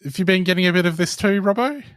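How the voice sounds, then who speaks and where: A man's voice: sits high, fast, dry recording, clean studio sound. A young man, co-hosting a podcast in casual chat, telling stories in a wry, sardonic way. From Australia. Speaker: podcast co-host.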